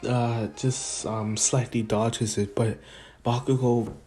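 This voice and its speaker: A man's voice: mid-range voice, level tone, takes it slowly, warm tone, faint music behind. A man casually retelling an improvised fan story, rambling with many restarts and chuckles.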